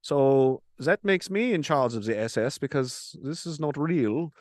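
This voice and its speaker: A man voicing an older German officer who slowly and dryly tells of a wartime meeting. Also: medium pitch, expressive, no echo, clean studio sound, natural voice. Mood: bemused.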